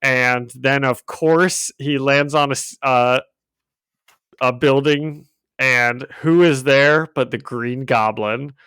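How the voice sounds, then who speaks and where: Casual male podcast co-host, rambling recap, smooth clear voice, dry close sound. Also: mid-range voice, steady tone, takes it slowly, a bit bright, no echo. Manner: laughing, rambling with fillers and restarts. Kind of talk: casual chat. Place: home room. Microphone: home microphone.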